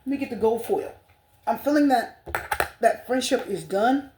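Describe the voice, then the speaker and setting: A woman with a twang reads tarot cards for her viewers in a gushing, spiritual way, circling back over the same words again and again. Her voice sits a little on the high side. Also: lively intonation, moderate pace, warm tone, a little hiss or hum. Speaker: tarot reader.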